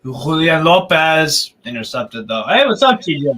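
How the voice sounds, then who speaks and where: A man with a bright, forceful voice, talking fairly high, calls a football match live for his stream. His play-by-play is excitable and chatty, broken up by easy banter with a friend. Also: unhurried, poor audio. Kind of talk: casual live watch-along commentary.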